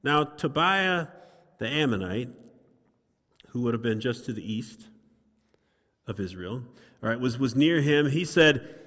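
A pastor giving a sermon in a conversational way, repeating words and building to animated emphasis. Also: male voice, medium pitch, unhurried, long pauses. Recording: long reverb of a large room.

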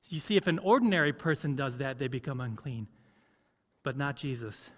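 Conversational pastor in an echoing church. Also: male voice, mid-range voice, expressive, a little fast. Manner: conversational, asks the congregation questions. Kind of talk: sermon.

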